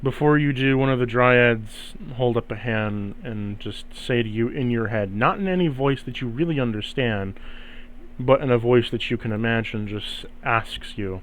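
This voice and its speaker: A man's voice: mid-range voice, normal speed. A young man running a tabletop game as game master, hesitant and self-deprecating, laughing often.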